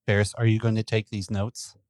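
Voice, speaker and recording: A man with a low voice co-hosts a podcast, teasing his friends in a theatrical, playful way. The recording is dry and close. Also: flat delivery, a little fast, a little mellow, dry recording. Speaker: podcast co-host. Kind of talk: casual chat.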